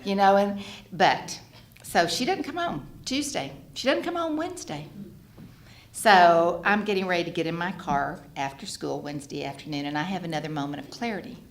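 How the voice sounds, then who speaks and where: Animated woman telling her story. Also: lowish voice, moderate pace, creaky. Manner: animated storytelling, acting out other voices, emotional. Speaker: speaker sharing her recovery story. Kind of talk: personal testimony at a fellowship gathering. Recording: echoey hall with faint background noise.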